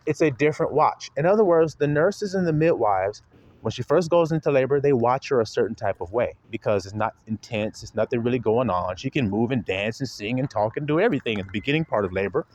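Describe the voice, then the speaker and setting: A man preaching an informal sermon to his followers, talking in slang and laughing often as he swings between soft and loud. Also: medium pitch, animated, fast talker, dry recording, muffled recording.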